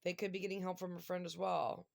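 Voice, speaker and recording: A woman in middle age talks through a tarot spread in a loose, chatty way. Her voice has a gravelly fry to it. She grows emotional and exclamatory as the cards turn. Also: fairly low pitch, flat delivery, quick pace, darkish tone. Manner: emotional, exclamatory, near tears at times. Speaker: tarot reader. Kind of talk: casual tarot reading monologue.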